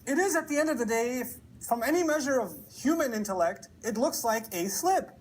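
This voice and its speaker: Animated man giving a lecture. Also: very high voice, brisk, low-quality recording. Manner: animated storytelling, rhetorical questions, acts out quotes. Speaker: preacher. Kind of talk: Quran commentary lecture. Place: lecture hall.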